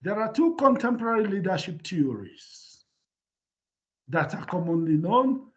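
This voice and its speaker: Animated man lecturing, lively high voice. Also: a little slow. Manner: animated, repeats "can you see?". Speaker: professor. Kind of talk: university lecture. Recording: dull lo-fi lecture recording.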